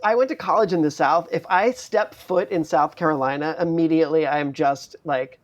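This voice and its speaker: A man's voice: on the high side, brisk. A man talking as a podcast guest in casual chat, rambling and making fun of himself. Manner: rambling, self-mocking storyteller.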